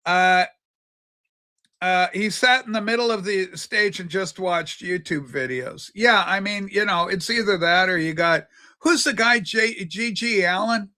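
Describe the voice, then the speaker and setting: Bright-voiced older trans woman host. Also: mid-range voice, a little slow. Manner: rambling, chatty, many fillers and restarts. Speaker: livestream show host. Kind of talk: casual rambling livestream chat.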